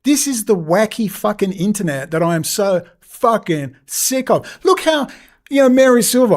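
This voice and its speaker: A man's voice: high-pitched, animated, normal speed. A man ranting in a vlog, blunt and heavily profane, exasperated as he talks outdoors near a road. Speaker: vlogger and interviewer. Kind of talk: angry off-the-cuff vlog rant.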